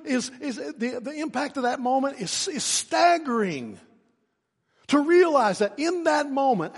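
A man with a slightly raised voice preaches to his congregation, dropping to near-whispers and then shouting for emphasis. His voice rings out with a long reverb through a large church sanctuary. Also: a little high. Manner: swings from hushed to shouting for emphasis. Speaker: pastor. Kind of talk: sermon.

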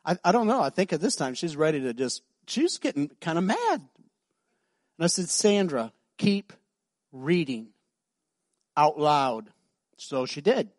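Middle-aged male pastor, high voice, lively conversational preaching, dry close sound. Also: no room sound. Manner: conversational, animated, acts out dialogue; drops to soft, slow voice for emotional moments. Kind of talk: sermon with storytelling.

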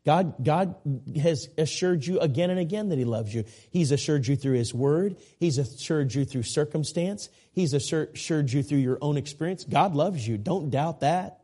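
A man's voice: on the high side, expressive, moderate pace, few pauses, dark tone. A man in his forties preaching a sermon as a guest preacher, earnest and repetitive, with folksy asides and self-deprecating jokes. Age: 40s.

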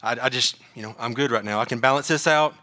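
A man's voice: medium pitch, quick pace, bright, forceful tone, voice pushed down, lightly acted. Man voicing a dismissive, self-assured soul. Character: self-assured man brushing off God's call.

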